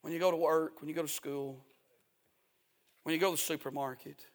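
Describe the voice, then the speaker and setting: A man's voice: a little high, steady tone, brisk. A male pastor preaching a sermon in a folksy, emphatic way, repeating key phrases.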